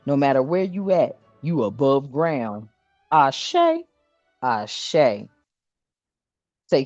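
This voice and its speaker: A woman's voice: rumbling low, lively intonation, extremely slow, pauses often, a little mellow, no room sound, highs cut off, faint music behind. A woman giving a casual spiritual card reading, blunt and profane, laughing often as she talks.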